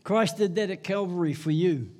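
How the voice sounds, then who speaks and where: High-voiced New preacher. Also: male voice, moderate pace, a little mellow. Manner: folksy storytelling, chuckling at himself. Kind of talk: sermon with personal testimony.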